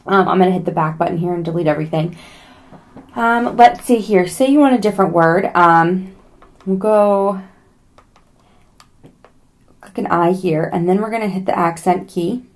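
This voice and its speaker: Speaking at normal speed with frequent pauses, this product demo host has a lowish voice. She's a young adult woman giving a casual tutorial on a gadget, step by step, chatty and joking, with teasing pleas to subscribe.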